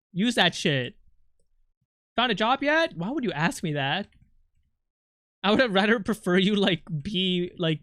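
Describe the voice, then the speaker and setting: A man's voice: sits high, fairly bright tone, dry recording. Playful swearing male streamer, dry sound. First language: not English. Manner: playful, teasing, swears freely, answers chat aloud. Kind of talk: casual live-stream chat.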